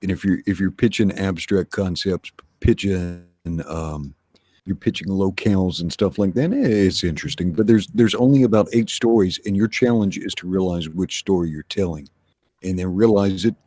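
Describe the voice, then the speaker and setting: Very low-pitched man, husky voice, dry close recording, podcast chat, dramatic pitch reads. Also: mellow, no echo. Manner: slow, low dramatic trailer-style delivery when reading. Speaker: podcast panelist reading book pitches.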